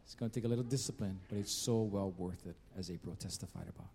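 A man, a pastor, encouraging his church and then leading a calm prayer. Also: low voice, fast talker, creaky, in a large hall, slight background noise. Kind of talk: sermon and prayer. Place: church sanctuary. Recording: music playing underneath.

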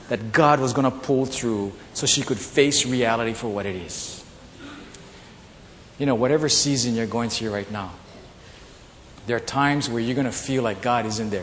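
A man preaching a sermon, telling personal stories with animated delivery and acting out the voices of people in them. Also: mid-range voice, moderate pace, slight background noise. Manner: animated storytelling, acts out quoted voices. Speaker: pastor. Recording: long reverb in a large hall, faint ambience.

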